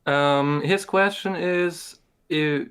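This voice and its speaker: A man's voice: on the high side, drawn-out words, fairly bright tone, smooth. A man co-hosting a live stream, reading out viewer questions in a hesitant, stammering way. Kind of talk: casual live-stream chat.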